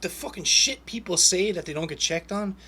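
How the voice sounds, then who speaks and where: A man's voice: high voice, a little fast, breathy edge. A man hosting a podcast, telling stories in casual chat, swearing often and breaking into laughs. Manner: swearing, animated storyteller with laughs. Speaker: podcast host.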